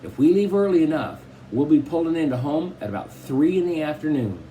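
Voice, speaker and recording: Organized mother, read by a man, step by step, mellow, lively pitch. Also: fairly quick, a little hiss or hum, low-quality recording. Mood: planning. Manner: matter-of-fact, explaining step by step. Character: organized, careful mother reading out a trip plan.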